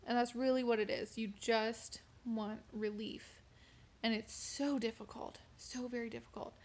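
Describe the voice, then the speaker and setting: A woman's voice: fairly high pitch, fairly even intonation, a little slow, slight background noise. A young woman telling a personal faith story to camera in a candid, conversational way, with frequent fillers. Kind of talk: casual personal testimony.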